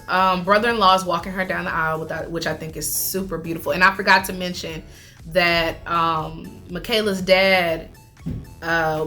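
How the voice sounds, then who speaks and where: Woman, casual vlog recap, chatty, animated, laughs a lot, bright sharp tone. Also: lowish voice. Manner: chatty and animated, laughs often, many fillers. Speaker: YouTuber recapping a reality show.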